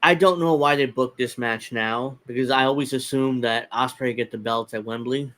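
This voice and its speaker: A man's voice: mid-range voice, normal speed, fairly bright tone. A man hosting a casual wrestling podcast, opinionated and rambling, chuckling often as he talks. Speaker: podcast host.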